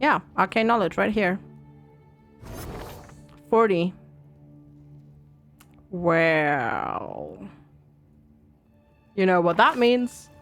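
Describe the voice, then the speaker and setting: A woman's voice: on the low side, very animated, drawn-out words, pauses often, a bit bright, faint music behind. A young woman streaming a game, chatting and thinking aloud to her viewers. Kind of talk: casual game commentary.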